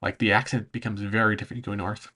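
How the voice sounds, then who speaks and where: A man chatting casually on a livestream, answering chat, rambling and often pausing to search for words, with frequent laughs. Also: lowish voice, flat delivery, sharp tone. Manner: laughs between phrases. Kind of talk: casual livestream chat over travel footage.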